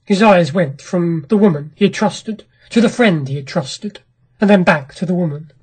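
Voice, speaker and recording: Woman reading a classic story, dramatic and measured, slightly husky, low-pitched. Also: a little mellow. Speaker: narrator. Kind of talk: scripted narration of a classic short story.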